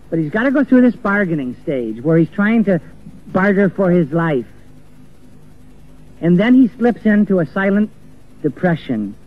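A man preaching an earnest sermon, acting out the voices of the people he quotes. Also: on the high side. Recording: tinny phone-like old recording with faint music.

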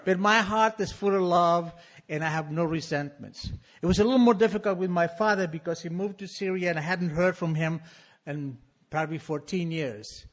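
A man in his sixties tells a personal recovery story with wry, emphatic humor. His voice is husky and sits fairly high for a man. He leans hard on the punchlines. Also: moderate pace. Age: 60s. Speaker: speaker sharing a recovery story.

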